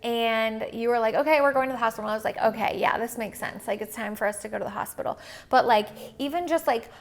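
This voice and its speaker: A woman's voice: a little high, fairly even intonation, fairly quick. A young woman telling a personal story in casual chat, with many "like"s and "um"s. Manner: chatty, lots of "like" and "um". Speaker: co-host telling a birth story.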